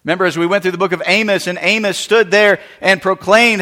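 A man preaching a sermon, emphatic, with sudden drops to quiet and rises to loud. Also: high voice, fairly even intonation, brisk, few pauses. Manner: emphatic preaching with wide swings in loudness. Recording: long reverb of a large hall.

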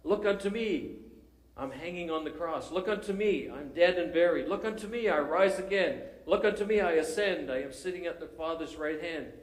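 Hollering old-time preacher, high pleading repeats, as a pastor puts him on, echoey church. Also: male voice, normal speed, natural voice. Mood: fervent. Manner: loud, pleading, repetitive. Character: fervent male lay preacher shouting a plea.

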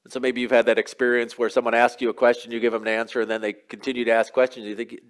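A man's voice: mid-range voice, level tone, rapid-fire, smooth. A man preaching a sermon as pastor, retelling a scripture story in a casual, conversational way with offhand asides.

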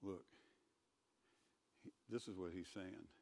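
A man giving a conversational sermon as a pastor, who gets loud and emphatic when he reads scripture aloud. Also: deep voice, takes it slowly, vocal fry, long reverb tail. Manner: conversational preaching, rising to loud scripture reading.

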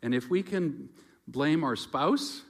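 A man preaching a sermon in a reflective, conversational way, moving between loud emphasis and quiet asides. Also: a little high, animated, takes it slowly, vocal fry.

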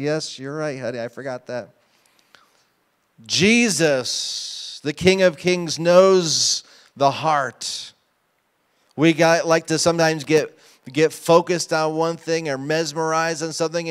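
In a church sanctuary, a pastor preaches a sermon to his congregation, emphatic and often putting questions to them. His voice is a little high with a clean tone.

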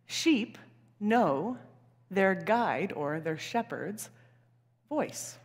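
A young woman preaches a sermon in a lively storytelling way, with chuckles and asides. Her voice swings widely in pitch. A long reverb hangs behind her, as in a church hall. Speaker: pastor.

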